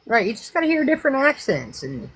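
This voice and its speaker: A woman's voice: on the high side, huge pitch swings, fast, slightly rough. An American woman hosting a livestream, chatting casually in a rambling, frank and profane way. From United States. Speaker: livestream host. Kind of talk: casual chat.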